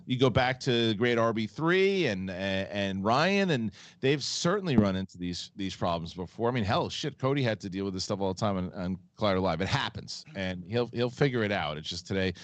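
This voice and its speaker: Male host, very low voice, rambling and blunt, reading viewer messages; dry close mic. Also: expressive, fairly quick, few pauses, dry recording. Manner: rambling, frank, swears casually. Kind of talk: live show chat, reading donation messages.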